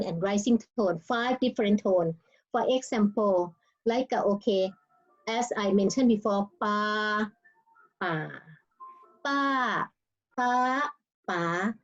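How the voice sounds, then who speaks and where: A woman's voice: medium pitch, a little mellow, dull audio. A woman with a Thai accent teaching her language in an online lesson, speaking non-native English and sounding out words tone by tone. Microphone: video call.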